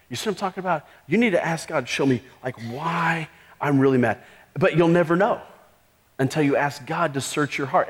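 A man preaching a sermon in a casual, conversational way, full of rhetorical questions and "like" fillers. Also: a little high. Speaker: pastor. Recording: long hall reverb.

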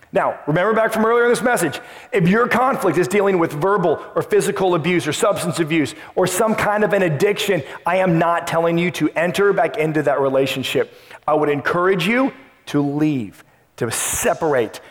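Male pastor, sermon delivery, fairly high voice, emphatic with repeated phrases and sudden soft drops, long hall reverb.

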